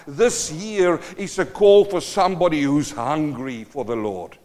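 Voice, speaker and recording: A man preaching a sermon in a church, impassioned and swinging between loud exhortation and quiet pleading, firing rhetorical questions at the congregation. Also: a little high, a little slow, hardly any pauses.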